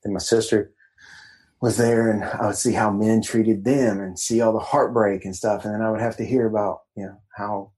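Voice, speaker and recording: Guy with a lowish voice rambling along easy, lots of stops and restarts, coach on a podcast. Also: fairly even intonation, a little mellow, poor audio. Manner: meandering, halting, laid-back. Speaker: guest, men's empowerment coach. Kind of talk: casual podcast interview.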